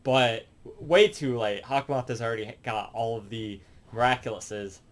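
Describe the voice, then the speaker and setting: Dude rambling thru a cartoon season recap, lots of ums and restarts, casual. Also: male voice, medium pitch. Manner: rambling, halting, with many fillers and restarts. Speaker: reviewer.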